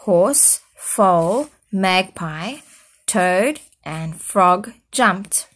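A woman primary school teacher reads a storybook aloud to young children slowly and expressively, then quizzes them with questions about it. Her voice is medium-pitched and husky.

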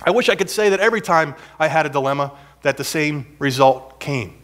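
A man's voice: a little high, lively intonation, a little fast, fairly bright tone. A middle-aged man preaches a sermon in a church, telling stories from his own life. His delivery is conversational and self-deprecating, and it rises into emphatic, repeated points. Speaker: pastor. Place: church sanctuary.

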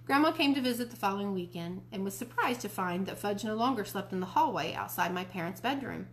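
A woman reading a children's chapter book aloud for listeners, her voice expressive and easy. She moves smoothly between narration and character voices. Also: medium pitch, fast, a little hiss or hum. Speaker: library storyteller.

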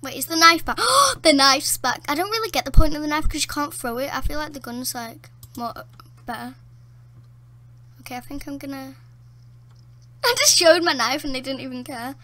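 A woman giving casual gameplay commentary from a dark room at home, excitable, often gasping, laughing and exclaiming. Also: sits high, moderate pace.

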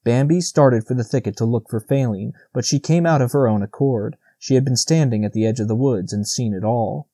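A male audiobook narrator reading a classic animal tale in a steady, measured way. His voice is mellow and rounded, and the recording is dry and close with no room sound. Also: mid-range voice, breathy edge, no echo. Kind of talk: scripted narration.

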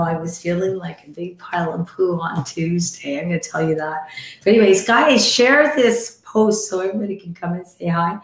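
A woman hosting a live stream, chatting casually with callers in a slightly hoarse voice, laughing often and calling people sweetie. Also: fairly low pitch, roomy sound. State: slightly hoarse from a croupy cold.

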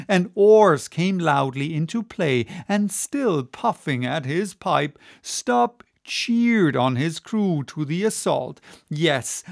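A man reading a classic novel aloud as an audiobook, in slow, measured, deliberate narration. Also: fairly high pitch, vocal fry, no room sound, studio quality. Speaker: audiobook reader.

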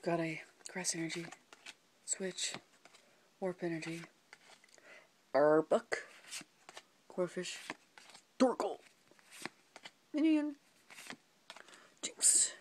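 A woman hosts a card-opening video, reading out each card name in turn at an unhurried pace. Her voice sits a little low, and at times it drops to a near whisper. A faint hiss runs under the recording. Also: darkish tone. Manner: calls out card names one by one, slips into whispering. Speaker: unboxing video host. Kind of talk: card pack opening, listing cards.

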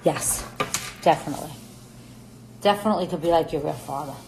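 A woman's voice: sits low, brisk, creaky, a little mellow, echoey room. Candid, rambling middle-aged woman, noisy kitchen. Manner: candid, rambling, emotional storytelling. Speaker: livestream host talking about her family. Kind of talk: casual livestream chat.

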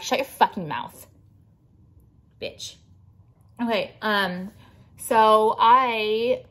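Blunt, profane young woman ranting. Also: mid-range voice. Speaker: jewelry designer and vlogger. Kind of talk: casual ranting vlog.

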